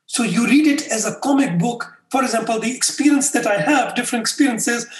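A man being interviewed, telling anecdotes in an animated way and acting out the dialogue. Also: very high voice, fairly quick. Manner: animated storyteller who acts out dialogue. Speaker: interview guest, customer experience faculty member. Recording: echoey room.

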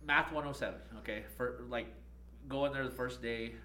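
A young man on a podcast telling a story in a casual, profane, animated way, laughing often. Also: medium pitch, moderate pace, a little hiss or hum. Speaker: podcast co-host.

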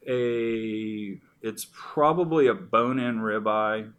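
A man's voice: on the low side, slow, fairly bright tone, clean tone. A middle-aged man in casual conversation, telling personal stories in a rambling way with frequent restarts. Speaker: guest.

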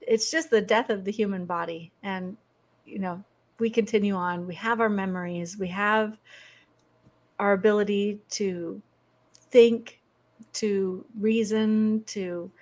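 A middle-aged woman guest telling stories in conversation, animated and laughing often. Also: mid-range voice, slow pace. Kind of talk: conversational storytelling.

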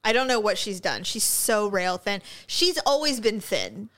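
A woman's voice: medium pitch, sing-song, a little slow, fairly bright tone. Blunt, foul-mouthed woman podcaster. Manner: blunt, profane gossip; acts out what people said. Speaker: podcast co-host. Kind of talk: casual chat.

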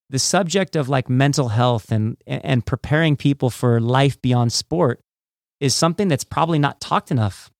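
A man's voice: mid-range voice, no echo, studio quality. A man, a former judo athlete, hosting an interview in a casual way with many fillers. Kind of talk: podcast interview.

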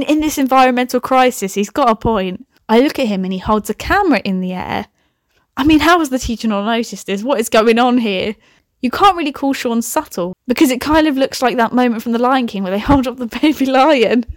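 A woman's voice: on the high side, dry recording, studio quality. A young woman reading aloud a comic story she wrote, breaking off often for chatty, giggly, swearing asides. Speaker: podcast host reading her own old story. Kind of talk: comic reading with running commentary.

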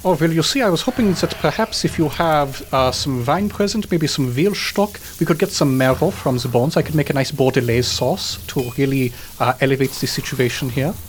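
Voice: mid-range voice, normal speed, hardly any pauses, slight background noise, lightly acted. A player voicing a polite, fancy male chef with formal, courteous speech.

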